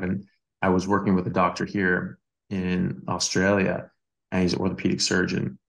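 A man's voice: sits low, flat delivery, moderate pace, gravelly, a bit bright. A man, a doctor co-hosting a podcast, telling a personal story in casual conversation, with many fillers and restarts. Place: Australia.

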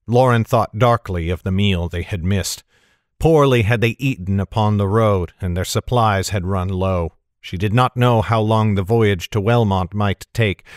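Steady man narrating a fantasy story. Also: fairly low pitch, no echo, studio quality. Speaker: audiobook narrator.

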